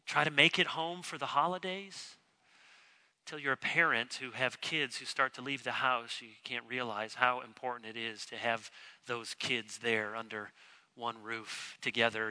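A man preaching a sermon as pastor, emphatic and lively, acting out short quoted lines to his congregation. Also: mid-range voice. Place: church sanctuary.

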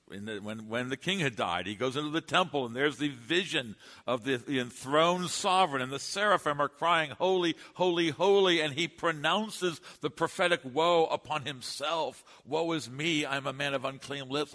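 A man preaching a sermon, emphatic, with dramatic pauses. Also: fairly high pitch, pushed and bright. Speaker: pastor. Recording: long hall reverb.

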